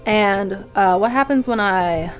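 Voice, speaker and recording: A woman vlogger telling a comic story to camera in an animated, theatrical, playfully indignant way. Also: medium pitch, takes it slowly, faint music behind.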